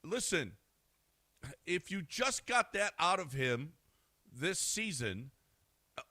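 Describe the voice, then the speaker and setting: A man hosting a morning sports radio show, talking in an animated, excitable way. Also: a little high, takes it slowly, no room sound.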